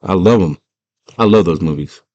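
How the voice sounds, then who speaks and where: A man in a casual, slangy movie recap, retelling scenes as an animated storyteller. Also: sits low, normal speed, muffled recording. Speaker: movie fan retelling a film.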